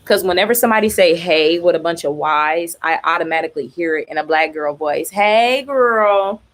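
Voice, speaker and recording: A woman streamer reads a comic aloud and reacts as she goes. Her voice sits low, and she is chatty and profane. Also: fairly even intonation, fast talker. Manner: chatty, profane, laughs often. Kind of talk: casual reaction reading.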